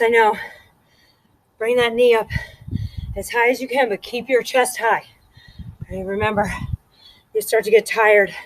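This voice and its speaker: A woman's voice: mid-range voice, no room sound, poor audio. A woman fitness instructor leading a workout and counting reps aloud, out of breath and encouraging.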